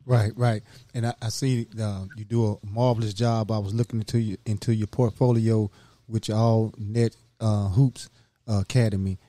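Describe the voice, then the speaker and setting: Low, mellow-voiced male podcast host. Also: steady tone, dry recording. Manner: affirming, halting with fillers. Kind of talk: interview questions.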